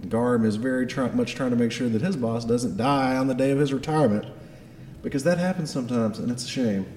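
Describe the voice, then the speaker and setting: A man's voice: mid-range voice, brisk, darkish tone, reverberant, big-room sound, a little hiss or hum. A man narrating as game master of a tabletop game in a laid-back, rambling way.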